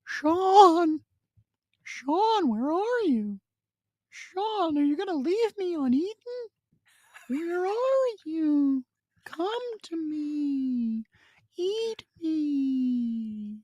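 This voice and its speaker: High squeaky talking burrito, begging and guilt-tripping, drawn out. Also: male voice, very animated, extremely slow, dark tone, dry recording, dull audio, heavily acted. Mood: pleading. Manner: pleading, guilt-tripping, dramatic. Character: whiny talking leftover burrito.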